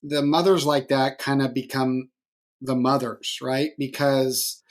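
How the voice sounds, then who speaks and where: A middle-aged man hosting a podcast interview, telling stories in a rambling, animated way full of restarts. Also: mid-range voice, unhurried. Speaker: podcast host. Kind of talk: conversational interview.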